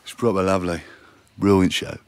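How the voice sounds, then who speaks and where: An actor playing a blunt, slangy bloke who talks bluntly. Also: male voice, low voice, flat delivery, a little fast, clean tone, no echo. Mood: gruff.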